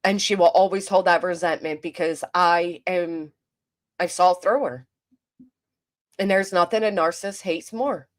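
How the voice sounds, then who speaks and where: A woman's voice: fairly low pitch, fairly even intonation, measured pace. A woman hosting a commentary livestream, venting in an exasperated, rambling way with frequent restarts and reading chat aloud. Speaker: commentary channel host.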